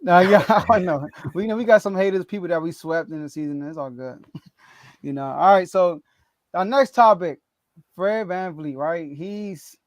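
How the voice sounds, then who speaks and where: A man's voice: sits high, normal speed, dry recording. A man hosting a casual sports talk podcast, laughing often and ranting with animation. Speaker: podcast host.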